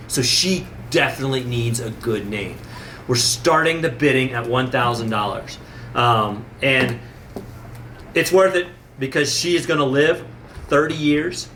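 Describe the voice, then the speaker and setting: A man's voice: fairly high pitch, a bit bright, a little hiss or hum. A man who owns a nature center, talking casually to viewers, enthusiastic and rambling with many repeated words and restarts. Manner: enthusiastic, gets emotional. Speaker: nature center owner presenting animals. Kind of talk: casual video talk to viewers.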